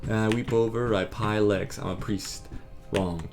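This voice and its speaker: A man quizzing himself on word cards, muttering terse answers and quick verdicts of right or wrong. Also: on the low side, fairly even intonation, a little mellow, faint music behind. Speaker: vlogger drilling vocabulary.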